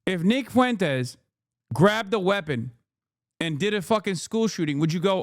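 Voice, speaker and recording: American male streamer, thirties, high voice, dry close sound, heated profane rant. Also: animated, normal speed, no room sound. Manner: heated, profane, repetitive ranting. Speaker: political streamer. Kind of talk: ranting commentary.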